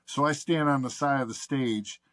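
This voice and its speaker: A man's voice: mid-range voice, normal speed. A man guest on a podcast, telling a long anecdote in casual, profane chat and acting out the people he quotes. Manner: profane, animated anecdote teller doing quoted voices. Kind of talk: casual storytelling.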